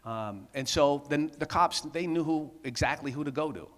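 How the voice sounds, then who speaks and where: A man's voice: a little high, moderate pace, fairly bright tone, long reverb tail. A middle-aged man, giving a candid personal testimony at a men's conference, talking conversationally with frequent asides. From Massachusetts.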